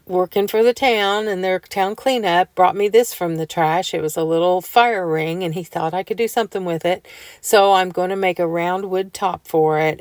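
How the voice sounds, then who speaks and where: Brief: homey vlogger woman, lowish voice, dry close sound, chatty storyteller. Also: dry recording. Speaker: home decor vlogger. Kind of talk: casual chat to viewers.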